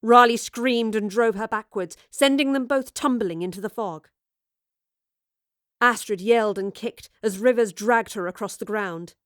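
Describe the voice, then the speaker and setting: A woman narrating a serial story aloud with measured, vivid storytelling. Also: on the high side, fairly bright tone, no room sound, clean studio sound. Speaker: audiobook narrator.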